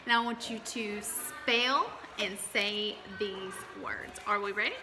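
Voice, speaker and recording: A woman teaching a kindergarten class, drawing out letters and words slowly and cheering the children on. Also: medium pitch, over music. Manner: slow and drawn out when spelling, encouraging. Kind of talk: slow, clear classroom lesson.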